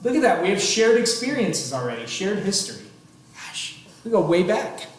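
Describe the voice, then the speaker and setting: A man in his thirties lectures a chemistry class with dry, sarcastic humor, breaking off into chatty asides to his students. His voice sits a little high for a man. The classroom is very echoey, with a faint hum of room noise behind him. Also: very animated, moderate pace. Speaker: chemistry teacher.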